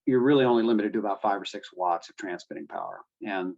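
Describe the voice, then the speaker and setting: A man's voice: on the low side, fast, creaky, a little mellow, muffled recording. A man explaining radio communications to a boating club, with many fillers and restarts. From United States. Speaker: guest speaker on marine radio.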